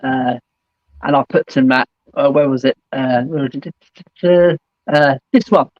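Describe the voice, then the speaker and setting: A man's voice: medium pitch, measured pace, no room sound. A man hosting a fan call-in show, chatting casually and saying "mate" and "absolutely" a lot. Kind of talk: casual football chat. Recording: dull dry lo-fi sound.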